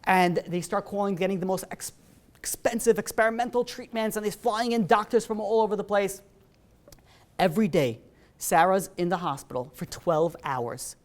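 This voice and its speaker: A man giving a sermon as a rabbi, telling a story in a lively way with many fillers. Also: high-pitched, moderate pace. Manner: animated, acts out dialogue, many fillers.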